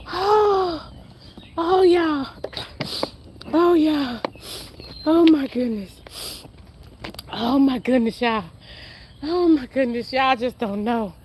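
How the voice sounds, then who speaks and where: A woman's voice: high voice, very slow, pauses often, a little mellow, slight background noise. A woman vlogging outdoors in a yard, chatting to her viewers and laughing a lot as she talks. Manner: chatty, full of laughter, speaks straight to the viewers. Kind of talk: casual outdoor vlog chat.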